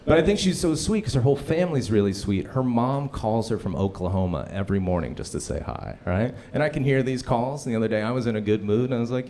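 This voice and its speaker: A male stand-up comic on a club stage, telling stories with a lively, swooping voice. He keeps the crowd in the loop with quick asides and cheerful profanity, speaking into a handheld mic. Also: medium pitch. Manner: animated, profane storytelling with frequent asides. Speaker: stand-up comedian. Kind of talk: live stand-up comedy.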